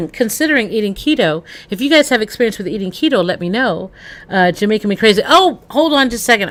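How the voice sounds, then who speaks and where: Bright-voiced chatty woman streamer. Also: mid-range voice. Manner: rambling, chatty, addresses chat directly. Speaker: livestreamer. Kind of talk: casual stream chat.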